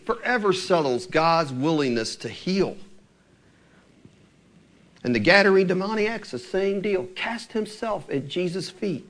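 Animated preacher man with lively pitch. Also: measured pace. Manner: animated storytelling preaching, acting out scripture quotes. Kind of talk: sermon.

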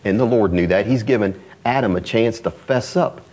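A man, the pastor, preaching a sermon in an animated, conversational way, often asking the congregation rhetorical questions. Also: on the low side, moderate pace.

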